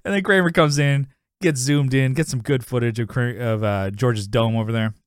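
A man's voice: mid-range voice, fairly even intonation, normal speed, clean tone, no echo, clean studio sound. Rambling laughing male podcast host. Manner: rambling, laughs often, acts out quotes. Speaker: podcast co-host recapping a sitcom episode. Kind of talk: casual chat.

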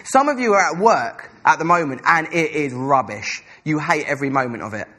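A young man preaching a sermon, telling a story with animated, acted-out dialogue. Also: fairly high pitch, fairly quick.

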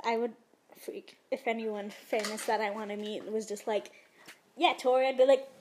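Excitable young woman gushing in chat. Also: mid-range voice, normal speed, noisy background. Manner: gushing, excitable, lots of fillers. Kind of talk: casual chat.

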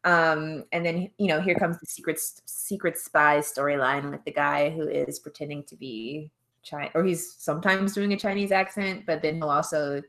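A woman's voice: low-pitched, fairly even intonation, normal speed, a bit bright. A young woman co-hosting a podcast, recapping a film plot in rambling casual chat, full of "um" and "like" fillers. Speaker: podcast co-host.

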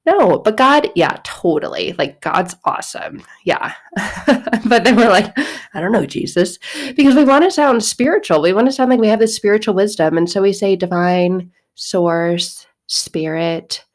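A woman's voice: medium pitch, lively intonation, normal speed. A woman hosting a podcast, talking casually and animatedly about faith, acting out quotes, laughing often and swearing now and then. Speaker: podcast host. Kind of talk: casual spiritual talk.

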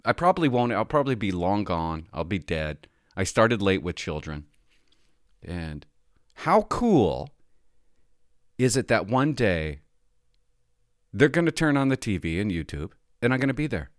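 A man's voice: on the low side, big pitch swings, unhurried, long pauses, no echo, clean studio sound. A man hosting a podcast, talking in a rambling, self-deprecating casual monologue into a podcast microphone. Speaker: podcast host.

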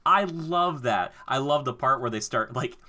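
A man chatting casually, animated and enthusiastic, acting out lines with laughs. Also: mid-range voice, moderate pace. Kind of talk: casual chat.

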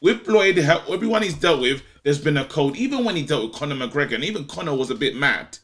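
A man's voice: fairly high pitch, lively intonation, fast, a bit bright. A young man in casual chat, emphatic and often checking in with "yeah?".

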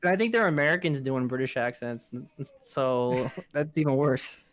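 A man's voice: medium pitch, normal speed, no echo. A man co-hosting a podcast, chatting casually about games in a rambling way, with plenty of fillers and restarts. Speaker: podcast co-host.

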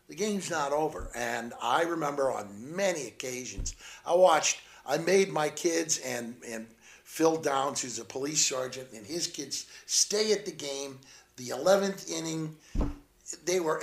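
A man from Southeast Missouri telling stories in a lively, laughing way as a guest on a chat show. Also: mid-range voice, gravelly. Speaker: motivational speaker and guest. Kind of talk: animated storytelling chat.

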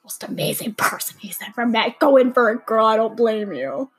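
A woman's voice: fairly high pitch, expressive, moderate pace, breathy edge, poor audio. Gushing young woman watch-along host. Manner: gushing, chatty, many "like" fillers. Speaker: podcast host. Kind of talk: casual watch-along commentary. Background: show audio playing underneath.

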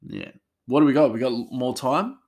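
A man's voice: medium pitch, big pitch swings, moderate pace, gravelly. A man, a chef, telling work stories in a rambling casual way with many fillers and restarts. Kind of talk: casual storytelling.

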